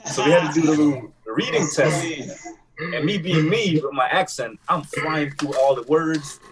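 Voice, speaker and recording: A man's voice: on the high side, moderate pace, over a noisy crowd, poor audio. A man with a Jamaican accent who works as a teacher, telling stories in a casual podcast chat and laughing often. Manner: animated storyteller, laughs often.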